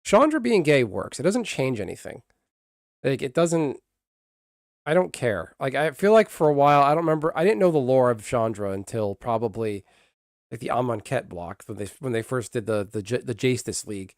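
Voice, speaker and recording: A man talks casually on a livestream, ranting bluntly with frequent swearing and restarts. His voice sits at an ordinary middle pitch. The sound is dry and close to the mic. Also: big pitch swings, moderate pace, no room sound. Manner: blunt, profane, rambling with many restarts. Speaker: streamer.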